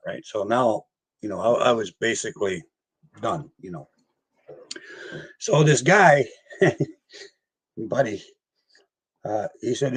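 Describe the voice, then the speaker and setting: Older guy with a husky voice, rambling through stories, keeps laughing and doing voices. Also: medium pitch, animated, unhurried, pauses often. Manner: rambling, laughs often, acts out voices in his story. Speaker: guest paranormal investigator. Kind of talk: casual storytelling interview.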